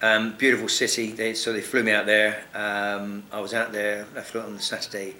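Bloke spinning a sweary story, low but bright voice, roomy echo. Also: male voice, moderate pace. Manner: swearing, animated, laughs often. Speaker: guest actor. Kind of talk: casual storytelling.

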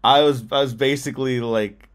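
A man's voice: mid-range voice, fairly even intonation, moderate pace, clean tone. A man co-hosting a casual film review podcast, earnest and profane, laughing often as he recounts his own reactions.

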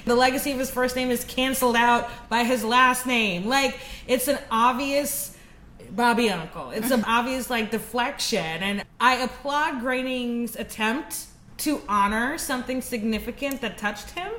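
A woman steering a casual panel discussion in a quick, emphatic way. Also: fairly high pitch, fairly bright tone. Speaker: podcast panelist. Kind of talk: casual chat. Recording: echoey room, faint background noise.

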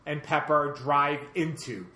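Low-voiced woman recapping a film. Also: measured pace, bright, forceful tone, reverberant. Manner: narrates the plot step by step, with trailing sentences. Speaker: podcast co-host. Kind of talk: casual movie recap chat.

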